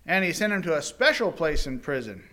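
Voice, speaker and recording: A man preaches a sermon and retells a parable with animated, dramatic flair. His voice sits high and swings widely in pitch. It has a bright, forceful edge. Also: a little fast.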